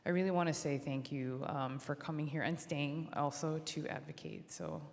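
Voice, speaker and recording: A woman council member chairing a public hearing, speaking earnestly in a halting way with many fillers and restarts, recorded in a city council chamber on a desk microphone. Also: low voice. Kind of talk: chairing a hearing, thanking witnesses. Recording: long reverb of a large chamber.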